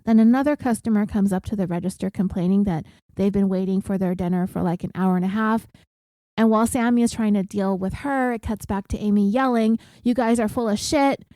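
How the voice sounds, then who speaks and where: A woman's voice: mid-range voice, a little fast, warm tone, no room sound. A woman podcast host recapping a story in a casual, wry, conversational way.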